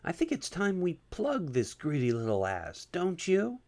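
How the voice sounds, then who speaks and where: Taunting dominant policewoman, higher and mocking, put on by a male narrator. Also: huge pitch swings, measured pace, darkish tone, exaggerated voice. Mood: smug. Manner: taunting, smug. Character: bossy female police officer, teasing dominant.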